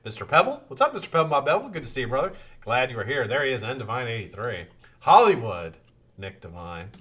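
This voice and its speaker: A male live-stream host with a lively, swinging delivery and a bright, forceful tone. He greets his chat viewers one by one in a casual, swearing banter. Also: medium pitch, fast talker, slightly rough.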